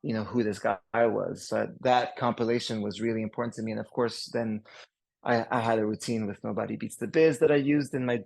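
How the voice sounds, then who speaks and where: Man, French Canadian accent, gravelly voice, dry close sound, rambling casual podcast chat. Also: fairly low pitch, a little fast, no room sound. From Canada, Montreal. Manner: rambling and relaxed, many fillers and restarts. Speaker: guest DJ.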